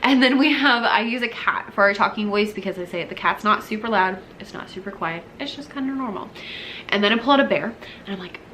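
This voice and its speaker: Expressive and a little fast, a young woman's medium-pitched voice carries a bright, forceful tone as she casually describes teaching elementary music. She acts out classroom dialogue, drops to whispers and sings snippets, with slight background noise behind her.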